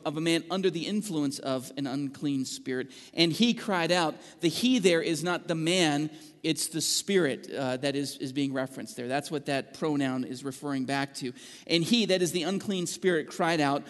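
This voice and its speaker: Earnest pastor preaching in a reverberant church. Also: male voice, on the high side, a little fast. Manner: earnest preaching with filler words and restarts, reading scripture aloud. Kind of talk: sermon. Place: church sanctuary. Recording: long reverb of a church hall.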